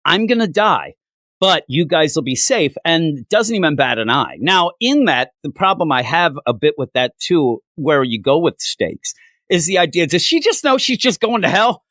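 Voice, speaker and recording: A man from Minnesota chats casually on a comic book review podcast, his fairly high voice swooping up and down. He slips into exaggerated high voices for the people in his stories. The recording is dry and close. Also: moderate pace, dry recording. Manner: animated storyteller, acts out quoted people in high voices.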